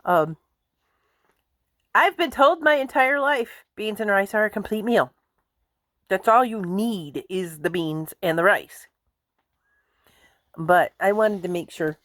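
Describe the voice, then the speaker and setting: A woman's voice: mid-range voice, a bit bright, no room sound. A woman vlogging at home in a casual, rambling way, chuckling often as she talks. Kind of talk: casual chat to camera.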